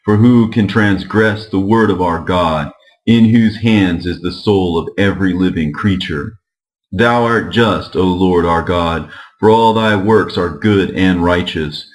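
A man's voice: sits low, rough recording. Sarah, a man voicing an old grieving mother. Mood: mournful. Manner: lamenting, slow and archaic. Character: grieving aged mother, Sarah, wailing woman.

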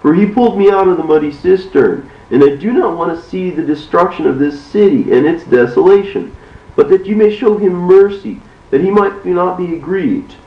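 A man's voice: high-pitched, moderate pace, voice pushed up. Man playing an old prophet in grief, earnest pleading, dull roomy sound. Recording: distant, roomy, dull recording.

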